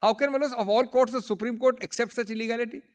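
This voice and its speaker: A man's voice: extremely high pitch, steady tone, quick pace. A man with an Indian English accent arguing formally and emphatically before a bench as a senior advocate, often addressing the judges as my lords. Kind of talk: courtroom argument.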